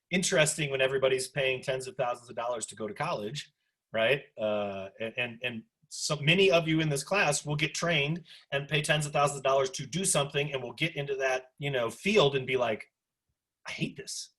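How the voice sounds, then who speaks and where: A man in his forties teaching a sociology class over a video call, animated and chatty, full of asides. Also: a little high. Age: 40s. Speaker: sociology instructor. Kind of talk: online class discussion lecture.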